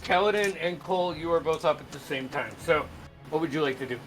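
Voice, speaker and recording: A man running a tabletop game as game master, talking slowly with many pauses and fillers. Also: fairly high pitch. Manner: slow, halting, with many fillers. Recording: music playing under the voice.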